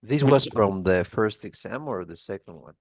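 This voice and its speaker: A man with a very low, gravelly voice works through a test review with a student. He explains patiently, restarting often and leaning on "like." The sound is dry and close, as on a video call. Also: lively intonation, normal speed, dry recording. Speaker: English test tutor. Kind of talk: one-on-one lesson review.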